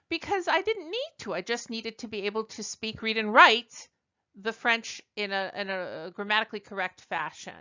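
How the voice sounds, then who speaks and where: Speaking at a moderate pace in an animated, sharp, mid-range voice, a woman teaches French from slides. She keeps it chatty, corrects herself here and there, and reads example sentences aloud in French. The recording's highs are cut off.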